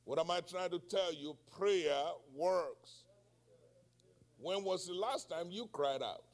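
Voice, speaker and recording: A man's voice: sits high, normal speed. A man in his sixties preaching a sermon, asking the congregation questions and crying out in prayer. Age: 60s. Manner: call-and-response questions, cries out in prayer.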